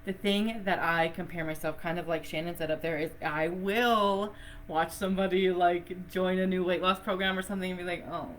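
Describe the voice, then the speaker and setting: A woman's voice: fairly low pitch, fairly even intonation, normal speed, slight background noise. A woman teaching breathwork on a live online session, chatty and effusive, laughing often and using a lot of fillers. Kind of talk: casual live-stream teaching.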